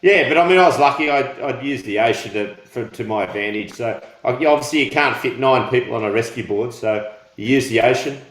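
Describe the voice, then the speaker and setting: A relaxed man, a lifeguard, recounts a rescue plainly and matter-of-factly. His voice has a roomy echo. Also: mid-range voice, fairly quick. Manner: relaxed, matter-of-fact storytelling. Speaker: head lifeguard. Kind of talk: casual chat on a live stream.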